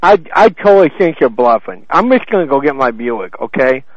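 A man's voice: medium pitch, very animated, brisk, no echo. A man making a prank phone call, taunting and swearing in a blustering way over a muffled phone line. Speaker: prank caller.

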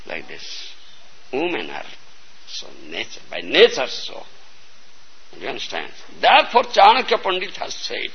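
A man's voice: mid-range voice, wildly swooping pitch, unhurried, long pauses, slightly rough, lo-fi sound. A man giving a storytelling sermon, often checking whether listeners understand. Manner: storytelling lecture, repeatedly asking "You understand?". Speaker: spiritual teacher.

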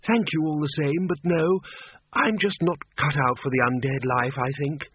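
A man voicing a tired, polite old male zombie wizard who speaks slowly and apologetically in a storybook reading, on a thin, tinny recording. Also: a little high, fairly even intonation, a little hiss or hum, voice pushed up, natural voice. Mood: weary. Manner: slow, drawn-out, apologetic.

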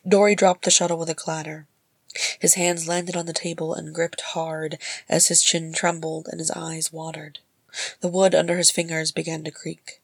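A woman reading a storybook chapter aloud in a measured, soft narration. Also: sits low, level tone, creaky, slightly rough, dry recording. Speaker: audiobook reader.

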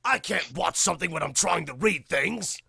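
A man with a high, bright voice chatters excitedly in casual conversation, cursing freely and laughing often. The sound is dry and close, with no room around it. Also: moderate pace, creaky, husky, no echo. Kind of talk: casual chat.

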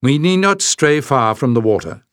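A man reading a storybook voicing a tactful, secretive young man who speaks softly and reflectively. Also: medium pitch, lively intonation, moderate pace, clean tone, no room sound, studio quality, voice pushed up, close to an everyday voice. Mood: coaxing. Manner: soft, reflective.

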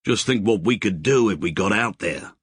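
A man voicing rough bushmen with a blunt, slangy drawl. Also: lowish voice, animated, moderate pace, no echo, studio quality. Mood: musing. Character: laconic rough Australian bushman mates, adult men.

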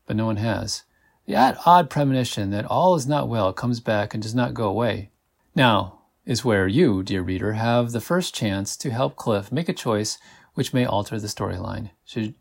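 A man hosting a podcast, reading an interactive adventure story aloud in a measured way and slowing down when he speaks to the listener. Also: mid-range voice, creaky. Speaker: podcast host.

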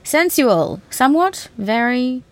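A woman's voice: high voice, big pitch swings, slow pace. A woman, chatting casually in a bubbly, talkative and teasing way. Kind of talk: casual chat.

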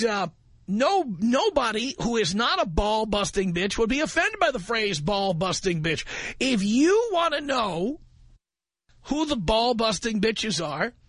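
With no echo on the studio mic, a male talk radio host sounds high and fairly bright. His delivery is provocative and forceful, circling back to the same catchphrase over and over.

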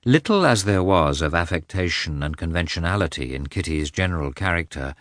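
Male audiobook narrator, low and dry, measured expressive reading. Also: no echo. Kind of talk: scripted novel narration.

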